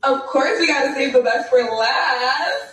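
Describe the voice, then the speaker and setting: A woman's voice: high voice, a little slow, a bit bright. A woman in her twenties giving a gushing birthday tribute to her mother in a recorded video, laughing and close to tears. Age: 20s. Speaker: daughter giving a birthday message. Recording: echoey distant video clip with music.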